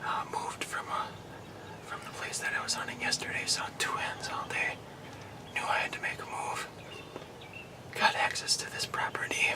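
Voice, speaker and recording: A man hosting a hunting show, whispering excited commentary from his blind outdoors. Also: moderate pace, long pauses, recorded from a distance.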